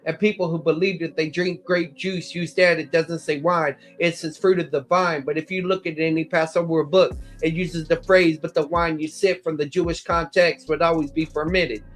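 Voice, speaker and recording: A man's voice: fairly high pitch, level tone, moderate pace, few pauses, fairly bright tone, faint music behind. A man giving an explanatory Bible lecture, citing verses and paragraphs and sometimes restarting words. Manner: explanatory, cites verse numbers, occasional restarts. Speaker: Bible teacher. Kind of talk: lecture on scripture.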